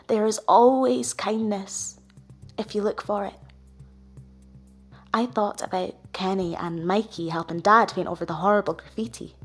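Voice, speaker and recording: Woman, tender slow storybook read, faint music underneath. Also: medium pitch, husky. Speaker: audiobook reader. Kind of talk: first-person storybook narration.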